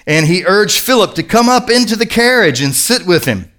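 A man's voice: high-pitched, big pitch swings, moderate pace, fairly bright tone. A middle-aged male pastor preaching a sermon in an earnest, conversational storytelling manner.

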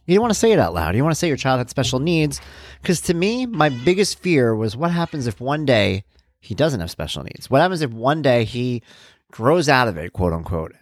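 A middle-aged man talks through a casual solo podcast. His pitch swings widely as he tells stories and slips into quick voices for the people in them. The close mic sounds dry and dead, with no room around him. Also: dry recording. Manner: lively conversational storytelling with voiced quotes. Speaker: podcast host.

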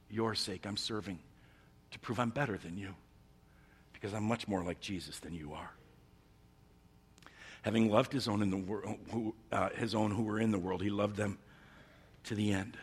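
A man preaching a sermon as pastor, swinging between hushed, intimate moments and loud, emphatic stretches. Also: lowish voice, slightly rough, in a large hall.

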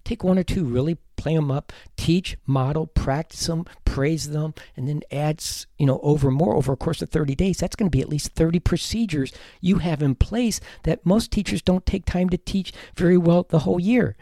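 A man's voice: fairly high pitch, moderate pace, hardly any pauses, warm tone, dry recording, studio quality. A man, a teacher hosting an advice podcast, talking earnestly and emphatically, at times heated.

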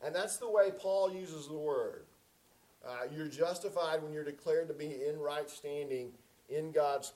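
A man's voice: on the high side, darkish tone, low-quality recording. A man preaching a sermon as pastor in a conversational, folksy way with many fillers.

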